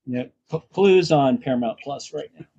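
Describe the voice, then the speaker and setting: A man hosting a casual podcast chat, talking in halting bursts with frequent restarts and the odd curse. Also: medium pitch, mellow, slightly rough, no echo, lo-fi sound. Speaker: podcast host.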